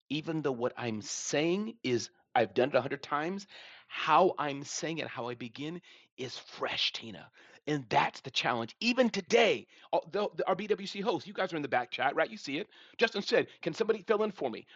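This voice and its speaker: A man's voice: fairly high pitch, expressive, moderate pace, a bit bright, dry recording, highs cut off. A man in his forties hosting a live audio room, talking animatedly and saying the listener's name again and again. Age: 40s. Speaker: show host.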